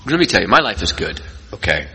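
A middle-aged man giving an earnest personal recovery talk to an audience, telling stories and dropping between loud and quiet. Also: sits low, sing-song, quick pace, a little hiss or hum. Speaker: recovery speaker. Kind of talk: personal testimony speech to an audience. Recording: long reverb from a large hall.

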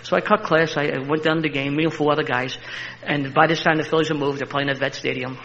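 Older Philly man spinning a fast yarn. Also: a little high. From Philadelphia. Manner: animated, laughing storyteller with a street-tough edge. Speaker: interview guest. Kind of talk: personal storytelling. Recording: slightly muffled recording.

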